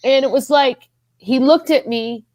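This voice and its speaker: She speaks a bit slowly in a high, darkish voice, recorded without any room sound. Her earnest, emotional account of personal faith, delivered as a podcast guest, includes repetition and a rising voice at moving moments.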